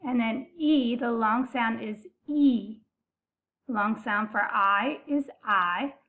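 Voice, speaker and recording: A woman teaching a phonics lesson, saying each sound slowly and stretching it out for young learners. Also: fairly high pitch, a bit bright. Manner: slow, deliberate, stretching out sounds. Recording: phone-like narrow sound.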